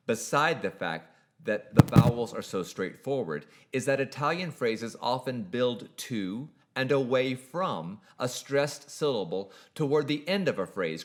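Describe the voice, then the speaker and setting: Male voice teacher reading a prepared lesson, careful and exact, with a lively pitch contour. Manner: measured, precise, explanatory. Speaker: singing teacher. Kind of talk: scripted instructional narration.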